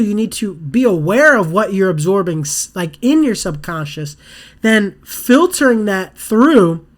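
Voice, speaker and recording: A casual podcast host thinks out loud in a meandering monologue, leaning on "you know" and "like" and restarting sentences midway. They often slip into little quoted asides, voicing what someone thinks to themselves. The pitch sits in an ordinary middle range. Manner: rambling, loose, full of "you know" and "like", restarts mid-sentence; acts out inner thoughts in quoted asides.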